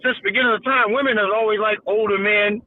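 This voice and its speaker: A man co-hosting a casual comedy chat show, excitable, laughing often and repeating himself. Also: high-pitched, fast, phone-quality sound. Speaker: podcast co-host. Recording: noisy recording.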